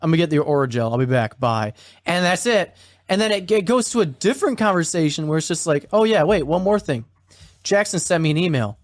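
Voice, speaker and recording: A man co-hosting a podcast, casually recapping a story and quoting its characters in a flat, offhand way, swearing now and then. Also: on the high side, brisk, dry recording, studio quality. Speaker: podcast co-host.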